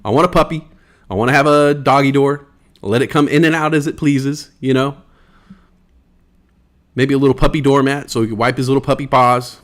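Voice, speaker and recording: A man's voice: mid-range voice, fairly even intonation, brisk, long pauses, fairly bright tone. A man hosting a casual livestream in a laid-back way, reading chat aloud and laughing easily. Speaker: livestream host.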